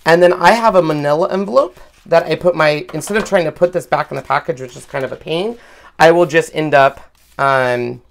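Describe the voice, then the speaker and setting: A loud, chatty woman co-hosting a live crafting stream, casually talking through a craft demo and getting excited about the results. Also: low-pitched, brisk, gravelly, a little hiss or hum.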